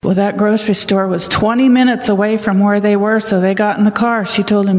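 A woman's voice: mid-range voice, fairly even intonation, a little fast, hardly any pauses, a little mellow. An older woman telling a story as a children's sermon, asking the children questions as she goes. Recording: echoey hall.

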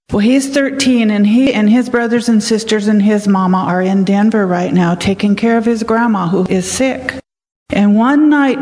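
A woman's voice: medium pitch, a little mellow. An older woman telling a story as a children's sermon, asking the children questions as she goes. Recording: echoey hall.

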